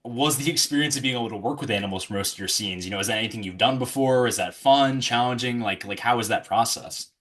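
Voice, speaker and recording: A man's voice: medium pitch, fast, few pauses, a bit bright. A man interviewing a guest in an easygoing way, asking questions with plenty of fillers. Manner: easygoing, laughs along, hedges with fillers.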